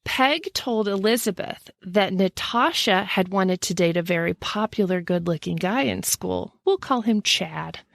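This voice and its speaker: A woman's voice: medium pitch, animated, measured pace, vocal fry, few pauses, a bit bright, no room sound, clean studio sound. A woman podcast co-host telling a story in casual chat, laughing at her own slips.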